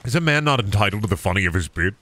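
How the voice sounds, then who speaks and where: A man's voice: lowish voice, lively intonation, rapid-fire, fairly bright tone, a little hiss or hum. A young man streaming a shooter game, joking around and swearing as he plays. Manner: joking, repetitive bits, swears often. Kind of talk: casual gameplay commentary.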